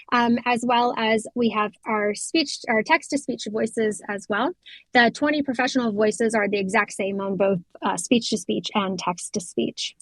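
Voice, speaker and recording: An American woman demonstrating voice software step by step, explaining as she clicks, with fillers and quick self-corrections. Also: on the high side, dry recording, low-quality recording. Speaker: product demonstrator. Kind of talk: software demo walkthrough.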